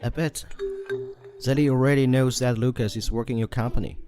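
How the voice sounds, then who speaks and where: A man's voice: fairly even intonation, fairly quick, over music, close to an everyday voice. An actor playing a timid, scheming young rich man in a dubbed drama, whiny and clingy. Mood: coaxing. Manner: whiny and clingy, pitch jumping up in fright. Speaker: bedridden rich husband.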